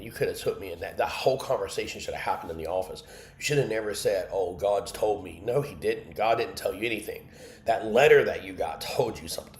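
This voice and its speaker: Man, low-pitched, candid and emotional, tells his own story on a livestream in an echoey room. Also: slight background noise. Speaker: host of an online Bible study. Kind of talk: personal testimony on a livestream.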